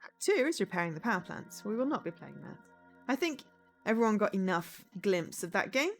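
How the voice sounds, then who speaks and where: A woman talks through a live gaming stream at an everyday pitch, loose and rambling, with plenty of ums and restarts. Faint game music plays softly behind her voice. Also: big pitch swings, a little fast. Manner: chatty and rambling with many ums.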